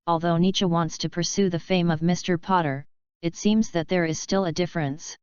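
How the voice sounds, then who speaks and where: A woman's voice: fairly low pitch, fairly even intonation, moderate pace, a little mellow, clean tone, dry recording, close to an everyday voice. A woman reading a cold, sneering male potions professor. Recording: dull lo-fi dry recording.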